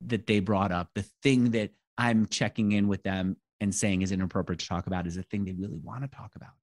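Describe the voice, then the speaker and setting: A man in his forties, a podcast guest, talking casually and acting out quoted dialogue with lively storytelling. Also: on the low side. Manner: animated, acts out quoted dialogue, tells stories fast. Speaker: podcast guest, interviewer and author. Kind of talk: casual conversation.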